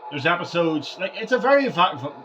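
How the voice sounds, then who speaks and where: Guy rambling over his game, trips on words, kinda high voice, muffled with hiss. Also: very animated, a little fast. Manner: rambling, stumbles and repeats words. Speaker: gaming vlogger. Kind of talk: rambling casual commentary over gameplay.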